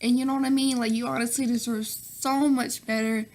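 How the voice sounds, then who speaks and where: A young Southern woman talks straight to her viewers in a loose, chatty way, her voice sitting a little high. She fills her sentences with "like" and calls her viewers "girl" and "sis", and she laughs often between answers. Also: level tone, brisk, a little mellow. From Nashville, Tennessee. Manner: chatty, full of fillers and "girl", "sis", "y'all". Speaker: vlogger. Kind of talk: casual Q&A vlog.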